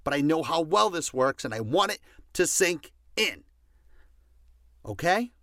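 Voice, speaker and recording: A man's voice: fairly high pitch, sing-song, measured pace, sharp tone, no echo, studio quality. A man giving a passionate motivational talk, stressing his points by repeating commands. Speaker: motivational speaker.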